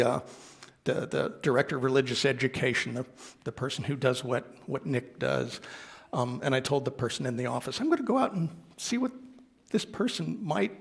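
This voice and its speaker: Man telling a story from the pulpit, gravelly and husky. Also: mid-range voice. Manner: gentle anecdotal storytelling with quoted dialogue. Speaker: minister. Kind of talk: storytelling sermon.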